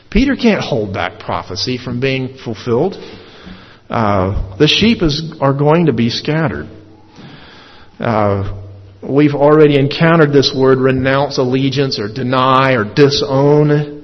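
A man teaches through a Bible passage in a measured, thoughtful way, often pausing on a filler "uh". His voice sits at an ordinary middle pitch. The recording sounds a little dull and carries a long reverb, as if made in a large hall. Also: expressive.

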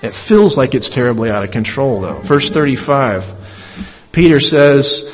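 A man giving a verse-by-verse Bible teaching, in a measured, thoughtful way with many filler "uh"s. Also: medium pitch, animated, breathy edge. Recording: dull audio with long hall reverb.

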